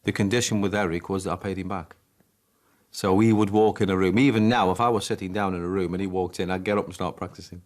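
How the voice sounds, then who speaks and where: A man's voice: low voice, steady tone, quick pace, a little mellow. A man recalling his darts career in a casual interview, acting out remembered conversations. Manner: storytelling, acts out quoted dialogue.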